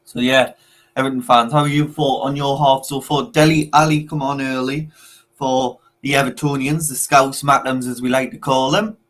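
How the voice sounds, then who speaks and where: A man's voice: mid-range voice, fairly even intonation, normal speed, fairly bright tone. A young man co-hosting a football watchalong, teasing rival fans in casual, repetitive banter.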